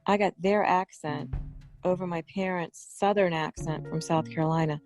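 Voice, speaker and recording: A woman's voice: on the low side, fairly even intonation, normal speed, darkish tone, soft background music. A woman with a New York accent, talking earnestly as a podcast guest and telling stories about growing up. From New York area. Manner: earnest, talkative, storytelling. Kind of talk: casual conversation.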